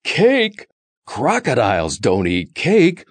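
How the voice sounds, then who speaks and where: A big, hungry storybook crocodile booms out his lines in a loud, fierce voice, as a man reads him aloud. His voice swings widely up and down in pitch. The recording is dry and close. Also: wildly swooping pitch, slow, breathy edge, dry recording, full character voice.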